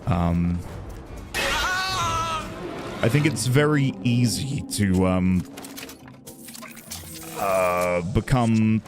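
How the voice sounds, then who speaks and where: A man's voice: low-pitched, drawn-out words, long pauses, music in the background. A man streaming a video game, chatting with his viewers in a casual, reflective way and thanking them as he plays. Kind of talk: casual gameplay commentary.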